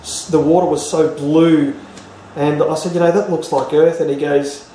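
A man's voice: a little high, level tone, normal speed, warm tone, slight background noise. Man telling a story in a roomy space. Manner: rambling, with many fillers and restarts. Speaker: interview guest. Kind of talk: casual storytelling. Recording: roomy, distant mic, faint ambience.

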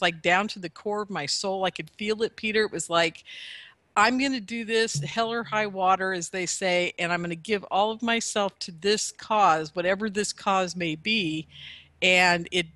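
A woman casually telling a long personal story to a host, animated and chatty, laughing often. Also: medium pitch, normal speed, no echo. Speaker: guest telling her story.

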